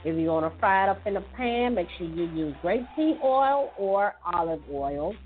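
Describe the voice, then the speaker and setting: A woman's voice: mid-range voice, animated, normal speed. A woman hosting a casual tips show, chatting loosely with many fillers and restarts. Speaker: host giving health tips. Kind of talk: casual chat. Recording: tinny phone-like audio with faint music.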